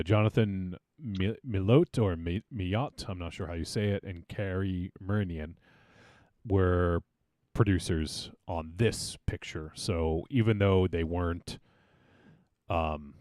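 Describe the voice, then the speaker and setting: Podcast host, male, deep, casual rambly chatter, dry mic. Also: a little mellow, no room sound. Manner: rambling, many fillers and restarts. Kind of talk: casual film discussion.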